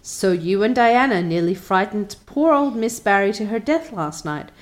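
A woman voicing a stern, gossipy older village woman in a storybook reading, with a brisk, scolding manner. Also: mid-range voice, lively intonation, lightly acted.

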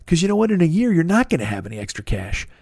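A man's voice: fairly high pitch, very animated, rapid-fire, creaky, darkish tone, dry recording, studio quality. A man hosting a podcast, ranting in a sarcastic, exasperated and profane way. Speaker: podcast host. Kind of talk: ranting monologue.

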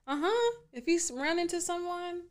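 A woman's voice: very high voice, expressive, moderate pace. Earnest Southern California woman guest. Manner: earnest, pushes back in friendly argument. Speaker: podcast guest. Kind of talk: casual chat.

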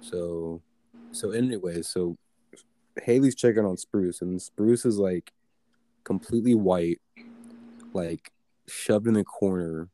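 A man's voice: sits low, slow pace, pauses often, mellow. A young man telling a story in casual chat, rambling with many fillers and swearing. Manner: rambling, filler-heavy, profane.

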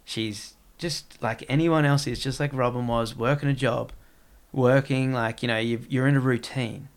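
Gravelly man rambling. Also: medium pitch, steady tone, moderate pace. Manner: rambling, heavy use of "like". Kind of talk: casual podcast chat.

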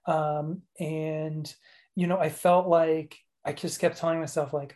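A man's voice: a little high, flat delivery, a little slow, darkish tone. Rambling, laughing male podcast host. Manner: rambling, self-mocking, laughs often. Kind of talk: casual chat.

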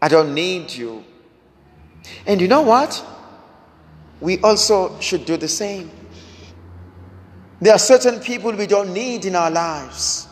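Man, preacher, high voice, long reverb, dramatic rhetorical questions. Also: lively intonation. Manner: slow, dramatic delivery with repeated rhetorical questions. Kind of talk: sermon.

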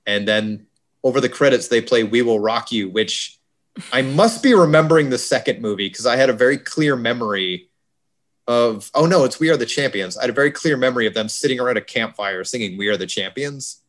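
A man's voice: medium pitch, expressive, a little fast, fairly bright tone. A man co-hosting a podcast, rambling and joking about a movie in casual chat, often correcting himself mid-sentence. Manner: rambling, jokey, self-correcting. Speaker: podcast co-host.

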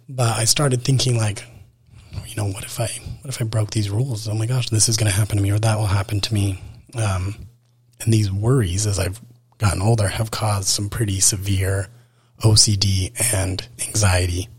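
Casting: young male podcast host, slightly low husky voice, loose self-deprecating solo chat. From Utah. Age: 20s. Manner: self-deprecating, rambling with many fillers. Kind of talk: casual solo podcast talk. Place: indoors at night.

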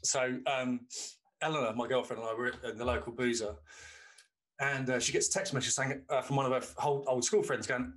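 A man's voice: medium pitch, fairly even intonation, a little fast, a bit bright. A man, co-hosting a podcast and telling long, sweary anecdotes in casual chat. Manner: rambling anecdotes, swears freely. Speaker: podcast co-host.

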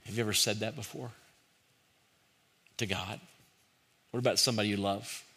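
A man preaching a sermon, earnest and direct, who rises to forceful emphasis and drops to a hushed, pleading tone. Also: lowish voice, steady tone, normal speed, pauses often, breathy edge. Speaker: pastor.

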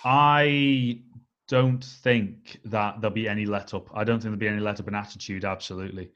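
Measured man talking football. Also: on the low side, steady tone, fairly bright tone, dull audio. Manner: measured, analytical, leans on "I think" and "um". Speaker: podcast co-host. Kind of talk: casual football chat.

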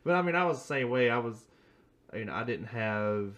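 A man's voice: medium pitch, lively intonation, moderate pace, a bit bright, muffled recording. A man in his thirties hosting a casual podcast, laid-back and rambling, laughing at his own jokes. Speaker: podcast host.

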